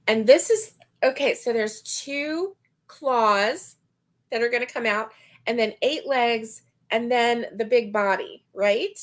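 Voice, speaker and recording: A middle-aged woman chats through a casual crochet livestream at an easy, slow pace. Her voice sits a little high, and she laughs often while reading viewer comments aloud. The talk is loose and friendly, with plenty of asides. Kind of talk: casual live-stream chat.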